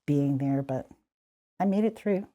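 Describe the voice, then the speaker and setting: A woman in her seventies from the Squamish Nation, telling childhood stories in a relaxed interview, often laughing. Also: low voice, a little slow. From Squamish Nation, Canada. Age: 70s. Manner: animated, laughing, restarts sentences. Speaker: community elder guest. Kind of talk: conversational storytelling.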